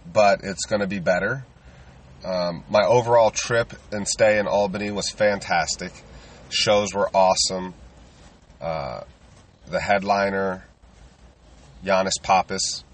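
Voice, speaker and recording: A man's voice: low-pitched, fairly bright tone, far from the mic. A man, a touring stand-up comedian, rambling casually and self-deprecatingly with lots of fillers.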